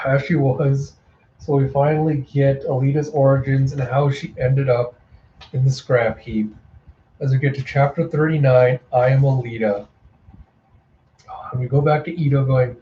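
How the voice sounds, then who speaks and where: Excitable man reading a manga aloud. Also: medium pitch, normal speed, reverberant, dull audio, a little hiss or hum. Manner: excitable, emotional asides. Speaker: comic readthrough host. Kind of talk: casual manga readthrough.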